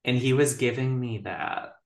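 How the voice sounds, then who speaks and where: A woman's voice: extremely low pitch, normal speed, vocal fry. Chatty woman co-host in an echoey room. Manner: chatty, leans on "like" as a filler. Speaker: podcast co-host. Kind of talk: casual chat.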